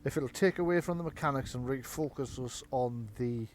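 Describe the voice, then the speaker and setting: A relaxed man runs a tabletop game at an easy, conversational pace. His voice sits in an ordinary middle pitch, and he chats freely and lets himself wander off into side stories. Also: moderate pace, slight background noise. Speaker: game master. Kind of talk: running a tabletop game over a call.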